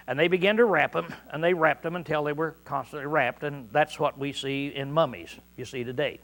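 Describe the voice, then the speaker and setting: A male pastor preaching a sermon in a folksy way, clearing his throat often, repeating words and shouting out quoted lines. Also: high voice.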